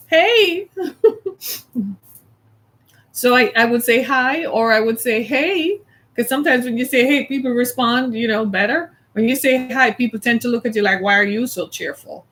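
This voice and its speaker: A middle-aged woman from the American South, chatting casually as a host, animated and laughing often as she plays out little scenes. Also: fairly high pitch, fairly quick. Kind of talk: casual chat.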